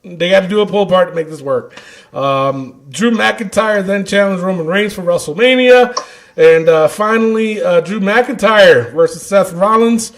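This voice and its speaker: A man co-hosting a casual podcast, animated and quick to vent, laughing often as he talks. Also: sits high. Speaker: podcast co-host. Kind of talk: casual chat.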